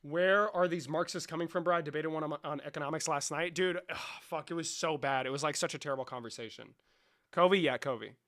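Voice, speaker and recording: Brash young man streaming, bright voice. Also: on the high side, quick pace. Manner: profane, rambling, loose and joking. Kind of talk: casual livestream chat, answering chat.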